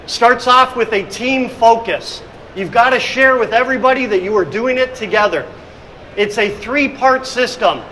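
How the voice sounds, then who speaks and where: Middle-aged guy, really high voice, lively storytelling presenter at a conference. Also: moderate pace, slight background noise, poor audio. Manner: energetic storytelling, acting out scenes. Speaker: hospitality consultant and speaker. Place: conference room.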